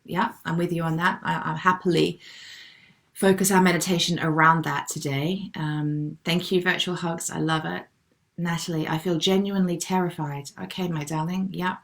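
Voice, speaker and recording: A middle-aged woman hosting a live online wellbeing session, gently and affectionately reading out viewers' comments and replying to them. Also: on the low side, steady tone, normal speed, vocal fry. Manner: gentle, affectionate, calls people darling.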